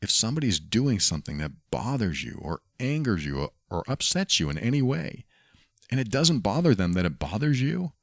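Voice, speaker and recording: A deep, gravelly male voice carries this solo podcast monologue. He speaks earnestly and reflectively, circling back to the same phrases as he works through his point. The sound is dry and close, with no room around it. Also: sing-song, brisk, no echo. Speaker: podcast host.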